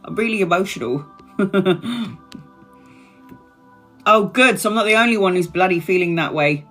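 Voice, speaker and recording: A woman's voice: mid-range voice, lively intonation, normal speed, a bit bright, soft background music. A woman in her forties chatting casually on a live stream, self-mocking, swearing and laughing often. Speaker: tarot reader live-streaming.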